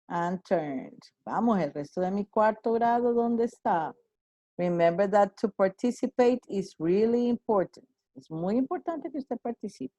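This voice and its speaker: Bilingual woman teacher, slow and dry. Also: medium pitch, dark tone, no echo, dull audio. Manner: switches between English and Spanish, encouraging; praises students by name. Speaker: English teacher. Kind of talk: online class teaching.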